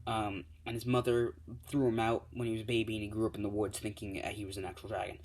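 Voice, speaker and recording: A man's voice: on the low side, level tone, fast, a little mellow. A man voicing a big kind hero. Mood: explaining.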